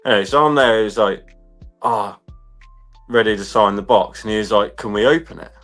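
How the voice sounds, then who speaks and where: A man co-hosting a casual chat show, telling a story excitedly with plenty of slang. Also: on the low side, normal speed, faint music behind. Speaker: podcast co-host.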